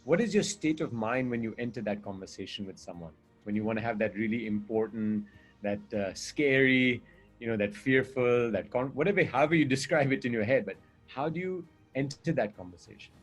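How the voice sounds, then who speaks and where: A man's voice: medium pitch, animated, a little fast, slightly rough, soft background music. A man speaking as a communication coach in a conversation, earnest and explaining with examples and rhetorical questions.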